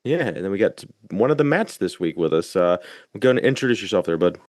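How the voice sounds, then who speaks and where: A man's voice: deep voice, very animated, brisk, a little mellow, no room sound, studio quality. A man hosting a podcast over a video call, introducing a guest in a laid-back, casual way. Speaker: podcast host. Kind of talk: casual chat.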